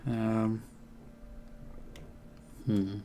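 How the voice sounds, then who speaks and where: Slightly low-voiced man musing over a game. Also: flat delivery, drawn-out words, warm tone, slight background noise. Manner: thinks aloud, hesitant with frequent fillers, wry. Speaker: let's play host. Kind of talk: casual strategy game commentary.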